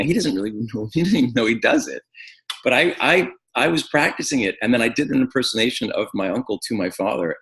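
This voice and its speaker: A man teaching an acting webinar, animated, with frequent restarts and fillers. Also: medium pitch, poor audio. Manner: animated, restarts and stacked fillers, drops to quiet reflection. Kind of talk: webinar lecture.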